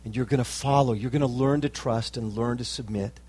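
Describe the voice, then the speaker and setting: A pastor preaching a sermon with emphatic, rising climaxes and slow drawn-out phrases. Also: male voice, medium pitch, steady tone, warm tone, husky, dry recording.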